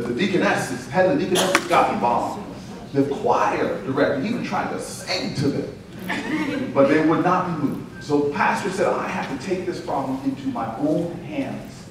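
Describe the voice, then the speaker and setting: A man in his forties giving a humorous storytelling speech from a podium at a political event, building to loud climaxes. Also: a little high, noisy background. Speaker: political speaker. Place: large event hall. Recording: echoey hall taped from far off.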